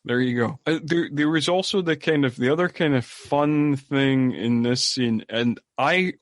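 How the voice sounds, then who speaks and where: Speaking a little slowly in a medium pitch, a man co-hosting a movie podcast chats through a film recap, full of fillers and restarts. The podcast-mic recording is studio quality with no echo.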